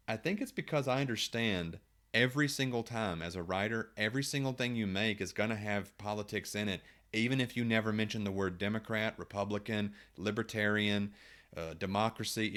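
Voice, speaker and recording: A man's voice: fairly low pitch, a bit bright. A man, a writer, talking casually to camera, thinking aloud with rhetorical questions and frequent restarts.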